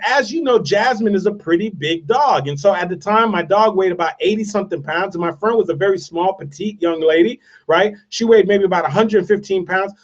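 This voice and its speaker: A man giving a motivational speech, telling a story with emphatic repetition. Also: sits high. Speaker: motivational speaker. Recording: distant, dull lo-fi sound.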